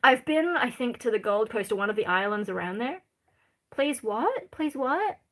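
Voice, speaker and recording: Aussie lady streamer, kinda high voice, rambly and blunt, lots of ums. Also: sing-song, fairly bright tone. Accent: Australian. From Sydney, Australia. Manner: rambling and candid, with many "um" pauses. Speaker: livestream host. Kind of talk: casual livestream chat reading out viewer comments.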